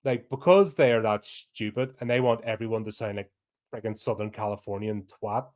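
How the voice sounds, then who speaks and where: A man's voice: fairly low pitch, moderate pace, darkish tone. Northern Irish male podcast co-host, blunt, sweary, ranting delivery. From Northern Ireland. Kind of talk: casual chat.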